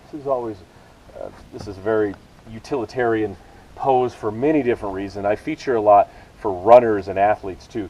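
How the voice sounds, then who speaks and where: A man teaching a beginner yoga class, calling out poses and breaths in relaxed, encouraging cues with casual asides. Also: mid-range voice, muffled recording, a little hiss or hum. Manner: relaxed, encouraging cueing with self-aware asides. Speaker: yoga instructor. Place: outdoors with rain and hummingbirds about.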